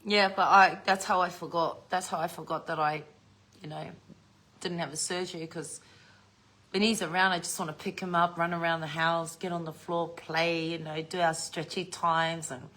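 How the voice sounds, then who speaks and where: A woman's voice: on the low side, moderate pace. Older New woman, casual vlog chat, salty and giggly storyteller. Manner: swears freely, laughs often, animated storytelling. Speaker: vlogger.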